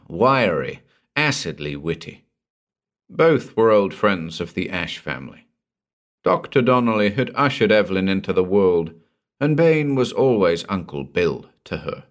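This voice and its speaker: A man reading a pulp horror story aloud as narrator, in an expressive storytelling manner. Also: lowish voice.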